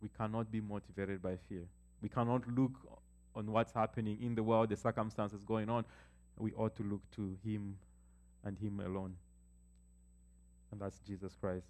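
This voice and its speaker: A man preaching a sermon as pastor, building emphasis and slowing down to read scripture aloud. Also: fairly low pitch, flat delivery, a little mellow.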